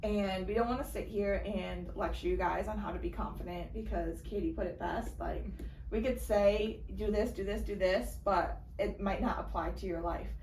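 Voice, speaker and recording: Girl in her 20s cohosting, higher voice, lots of mm-hmms, echoey room w faint noise. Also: fairly even intonation, normal speed, darkish tone. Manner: brief backchannels, laughs along. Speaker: podcast co-host. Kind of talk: casual chat. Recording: roomy echo, distant from mic, faint noise.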